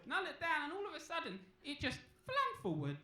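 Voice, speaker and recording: A man's voice: very high voice, fairly quick. A young man doing a crude, cheeky stand-up set on a comedy club stage. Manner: cheeky, crude, deadpan storytelling. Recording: echoey club room, faint noise.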